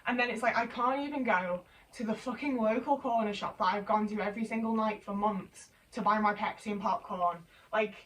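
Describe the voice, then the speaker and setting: A woman's voice: medium pitch, a little fast, few pauses, a bit bright, recorded from a distance, slight background noise, low-quality recording. A woman in her twenties venting in casual chat while folding laundry at home, rambling, sweary and exasperated. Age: 20s. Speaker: vlogger.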